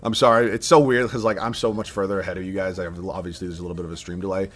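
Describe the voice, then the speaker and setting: A young man from southern Massachusetts streams live, chatting casually, thinking aloud, and laughing as he reads viewer chat. His voice is deep and steady, and he talks very fast.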